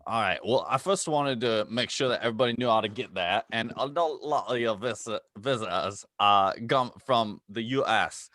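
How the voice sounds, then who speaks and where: A man's voice: fairly low pitch, moderate pace, hardly any pauses, bright, forceful tone, dry recording, studio quality, pitched above the performer's own voice. A man putting on a cheery globetrotting male travel guide, calling everyone mate. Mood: chummy. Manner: chummy, calls everyone mate.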